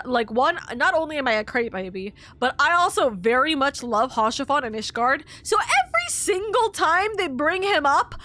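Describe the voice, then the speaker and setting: High, bright-voiced gushing young woman streamer. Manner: gushing, emotional, rambling with many restarts. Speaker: streamer playing a story game. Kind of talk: casual live-stream commentary.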